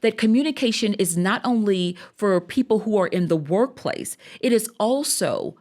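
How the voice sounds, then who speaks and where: A woman's voice: medium pitch, animated, moderate pace, darkish tone. A woman hosting a podcast interview, affirming her guest and laughing easily. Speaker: podcast host.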